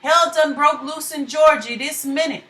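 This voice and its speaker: A woman's voice: high voice, unhurried, voice pushed up. A woman reading aloud, voicing a stubborn, sleepy grown man in Southern dialect. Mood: urgent. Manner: drawling Southern dialect, loud. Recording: echoey room.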